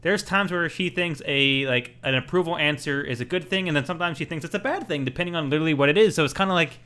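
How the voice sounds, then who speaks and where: A man's voice: fairly high pitch, clean tone. A man co-hosting a gaming podcast in casual chat, animatedly acting out bits of game dialogue. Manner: animated, acts out game dialogue in quick voices. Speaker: podcast co-host.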